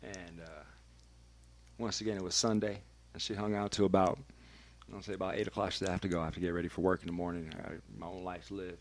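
A man's voice: low voice, fairly even intonation, fast. A man, a radio personality, telling a candid and emphatic personal story as a podcast guest, swearing freely.

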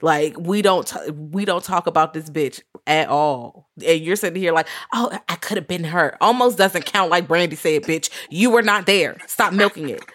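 Bright-voiced, blunt-talking woman podcaster. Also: low-pitched, moderate pace, few pauses. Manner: blunt, profane, animated storyteller. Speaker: podcast host. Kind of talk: casual chat.

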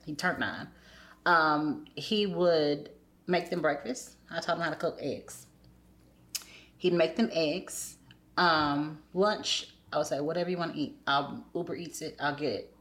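A low-pitched woman speaks softly and candidly. She slips into animated voices when she quotes friends and family. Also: takes it slowly. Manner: soft-spoken, quotes others in animated voices. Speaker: guest sharing her story. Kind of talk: candid personal storytelling.

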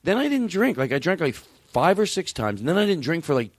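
A man hosting a podcast, telling rambling comic stories with loud outbursts and mumbled asides. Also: on the high side, fairly quick, dry recording, clean studio sound. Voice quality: animated, swings between loud outbursts and mumbles. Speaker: podcast host. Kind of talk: rambling comedic storytelling.

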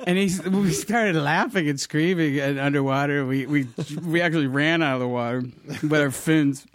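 A man's voice: fairly high pitch, moderate pace, no room sound. Middle-aged man, comedian guest, rambling anecdotes, restarts and chuckles, dry close sound. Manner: rambling, laughing storyteller with many restarts. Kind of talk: casual interview chat.

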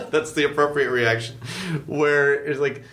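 A young adult man hosting a casual chat, telling stories in an animated, joking way and putting on mock quotes. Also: a little high, unhurried, very noisy.

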